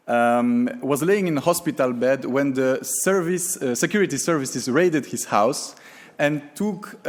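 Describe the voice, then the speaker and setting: A man giving a prepared conference talk, reading from notes with frequent fillers and self-corrections. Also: medium pitch. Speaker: conference speaker. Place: conference hall. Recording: long reverb of a hall.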